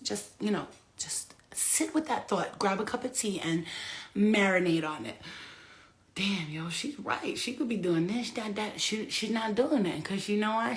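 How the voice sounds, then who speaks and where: A woman talks straight to the camera in a loose, chatty vlog about her spiritual life. She laughs often, swears freely and slips into quick put-on voices as she acts out what other people say. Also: medium pitch. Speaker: spiritual vlogger. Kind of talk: casual monologue.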